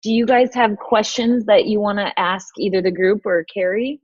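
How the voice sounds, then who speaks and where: A woman's voice: medium pitch, normal speed, slightly rough, no echo. A woman hosting a casual chat on a video call, thoughtful and searching for her words. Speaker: host. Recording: dull, lo-fi video call audio.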